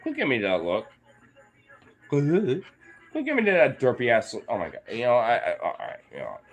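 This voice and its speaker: A man's voice: mid-range voice, huge pitch swings, brisk, faint music behind. A young man talking playfully to his dogs, teasing them and swearing as he goes. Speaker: dog owner vlogger. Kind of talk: casual talk to his dogs.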